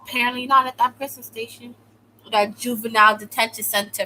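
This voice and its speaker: Young adult woman, US-born vlogger, casual storytime rant, sarcastic and dramatic, full of "like", crisp bright tone. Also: fairly high pitch, fairly even intonation, fairly quick, slight background noise, rough recording. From United States. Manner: exaggerated, sarcastic, fills speech with "like". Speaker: vlogger telling a personal story.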